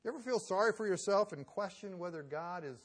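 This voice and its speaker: A man delivering a sermon with a slightly raised pitch. He talks conversationally, restarting phrases and firing off rhetorical questions. His volume rises for emphasis and drops to near-murmured asides. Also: lively intonation, quick pace. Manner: swings from loud emphasis to soft, hushed asides. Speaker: preacher.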